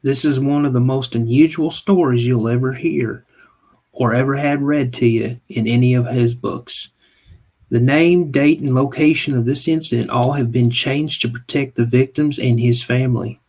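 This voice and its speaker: A man's voice: medium pitch, steady tone, a little mellow. A man with a Southern US drawl, co-hosting a podcast and reading a story aloud at an easy pace. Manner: slow put-on Southern drawl when reading. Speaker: podcast co-host.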